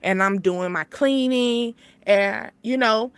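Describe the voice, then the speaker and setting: A woman hosting a spiritual channel, giving a casual motivational talk. She rambles, repeats herself and laughs often, swinging between emphatic highs and soft asides. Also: slow pace, clean tone, no room sound.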